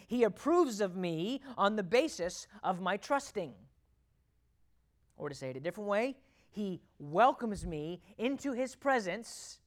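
Addressing the congregation, the preacher keeps his voice at a middle pitch. He hammers points home with rhetorical questions, sinking to almost hushed lines before rising again.

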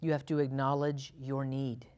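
A man's voice: medium pitch, monotone, normal speed, a little mellow, clear, resonant tone. A man teaching a Bible sermon in a conversational way, laughing often and acting out quotes with a lifted voice. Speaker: preacher.

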